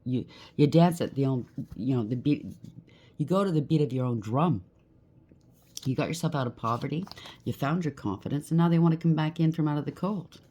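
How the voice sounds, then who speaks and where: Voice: medium pitch, brisk, dark tone. A tarot reader giving a collective reading, blunt and emphatic, rattling off lists of traits and often checking in with "okay?".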